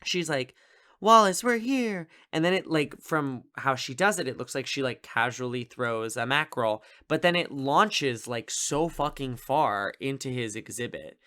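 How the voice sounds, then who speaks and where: A man's voice: medium pitch, measured pace, few pauses, fairly bright tone. A man hosting a podcast, reviewing a film in a casual, rambling way, full of fillers and amused asides. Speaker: podcast host. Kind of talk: casual solo movie review.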